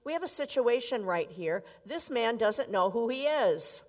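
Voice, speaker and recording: Courteous female airport clerk, calm and patient, voiced by a woman; long reverb. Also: on the high side, a little slow. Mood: polite.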